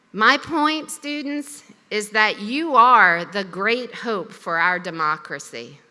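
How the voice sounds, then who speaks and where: Woman giving a graduation speech real slow and deliberate, echoey big hall. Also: medium pitch, pushed and bright. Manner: measured, deliberate delivery. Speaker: commencement speaker. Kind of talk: formal commencement speech. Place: school ceremony hall. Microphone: podium microphone. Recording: long reverb of a large hall.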